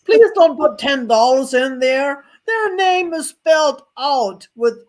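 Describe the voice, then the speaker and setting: A woman's voice: high voice, lively intonation, slow. A woman hosting a live online vintage sale, chatting loosely with the audience, laughing often and making self-deprecating asides. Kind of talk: live online sales chat.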